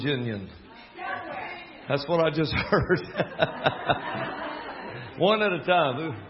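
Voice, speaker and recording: A man's voice: fairly high pitch, dull audio. A man from Alabama with a Southern drawl, a gospel singer and preacher telling joking stories from the pulpit. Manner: joking, drawling, storytelling with asides. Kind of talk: folksy storytelling sermon.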